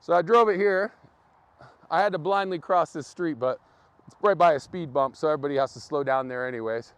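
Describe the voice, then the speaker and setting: A man's voice: fairly high pitch, brisk, clean tone, no echo. A man hosting a casual live vlog outdoors in freezing weather, chatting and laughing with his viewers. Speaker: livestream host. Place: outdoors in freezing wind and snow. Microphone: camera on a tripod.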